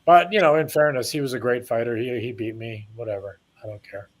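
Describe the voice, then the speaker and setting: He's a man in his sixties from Canada who used to box, and in this casual interview he talks fairly quickly with a mid-range voice and fairly even intonation. His long anecdotes wander, and he dramatizes the quoted lines.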